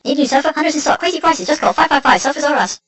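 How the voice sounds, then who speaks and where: A man voicing a frantic, high-pitched male announcer giving a rapid hard sell for sofas. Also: animated, fairly bright tone, highs cut off, exaggerated voice.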